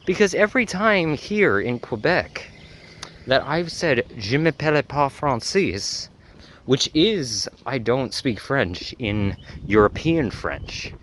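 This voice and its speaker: A man's voice: lowish voice, a bit bright, slight background noise. A man talking casually in a travel vlog, rambling with lots of fillers and self-corrections. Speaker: travel vlogger.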